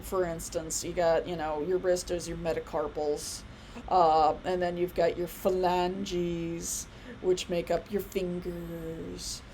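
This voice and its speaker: A woman's voice: fairly low pitch, darkish tone, slight background noise, rough recording. A woman in her thirties giving a casual biology lecture, chatty and rambling with many fillers and asides. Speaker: college biology instructor.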